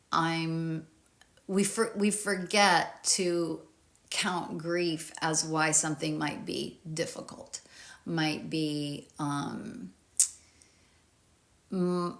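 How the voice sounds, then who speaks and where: Woman author, lowish voice, candid to-camera talk, swears freely, thinks out loud. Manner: frank and informal, swears freely; thinks aloud with fillers and restarts. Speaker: author reading from and discussing her grief guide.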